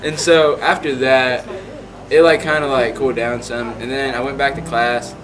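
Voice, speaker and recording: A man's voice: medium pitch, flat delivery, moderate pace, low-quality recording. A young man in his late teens casually telling a personal story, rambling and filling his talk with "like". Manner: rambling, heavy on "like" fillers. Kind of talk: casual anecdote.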